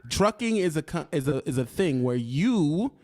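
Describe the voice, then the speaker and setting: Male channel host, preachy street-talk delivery, animated pitch, higher-pitched. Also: moderate pace. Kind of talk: casual podcast chat.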